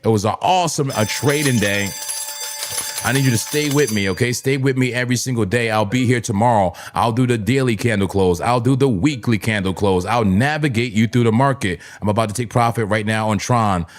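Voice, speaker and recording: A man's voice: medium pitch, a little fast. A man from New Jersey hosting a live crypto trading stream, talking in a hyped, repetitive, chatty way to his viewers. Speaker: livestream crypto trading host. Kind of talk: casual live-stream commentary.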